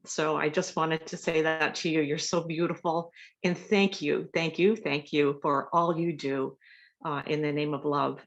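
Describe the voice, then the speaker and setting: A woman's voice: deep voice, fairly even intonation, a little slow, lo-fi sound. A woman sharing in a spiritual group, nervous and effusive, searching for words. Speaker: community member sharing.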